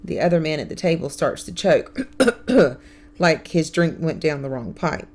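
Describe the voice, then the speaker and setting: A woman narrating a novel in the first person, with a steady storytelling delivery. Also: sits low, a little slow. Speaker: audiobook reader.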